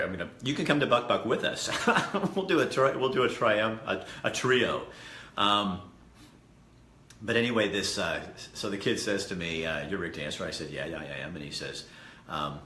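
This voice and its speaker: A man's voice: low voice, pushed and bright. A man hosting a casual vlog, rambling and earnest as he tells a story and talks to viewers. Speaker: host. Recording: echoey room with faint background noise.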